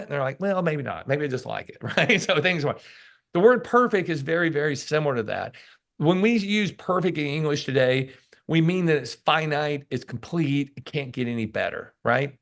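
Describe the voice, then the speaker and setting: Gravelly, animated man telling stories. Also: fairly high pitch. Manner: animated storyteller who acts out what people say; emphatic and preachy, repeats key words. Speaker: podcast guest, sales author. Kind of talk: casual interview conversation.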